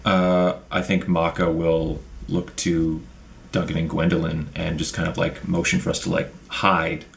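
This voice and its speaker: A man playing a tabletop game, calmly saying what his character does. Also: low-pitched, a little slow, vocal fry. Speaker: player. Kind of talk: casual tabletop play.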